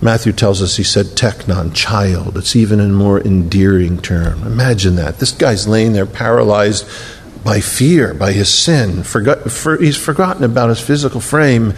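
A middle-aged man preaching in a church, his voice carrying a long reverb through the hall over a faint rumble. He swings from raised, emphatic lines to low, hushed tenderness, at a mid pitch for a man. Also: normal speed. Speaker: pastor. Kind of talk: sermon.

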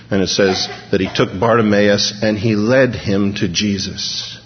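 A male preacher giving a sermon, dramatic, swinging between hushed and emphatic delivery. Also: on the low side, fairly even intonation, normal speed, few pauses, slight background noise. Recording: dull recording, long hall reverb.

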